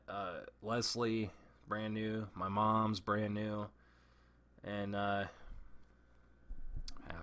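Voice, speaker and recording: A man's voice: sits low, sharp tone, no echo. A man telling a long personal story in a casual, profane, rambling way, often restarting his sentences.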